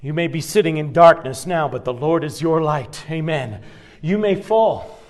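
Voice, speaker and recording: A man's voice: a little high, animated, normal speed. A man preaching a sermon as pastor, talking to the congregation in a conversational way with asides and chuckles.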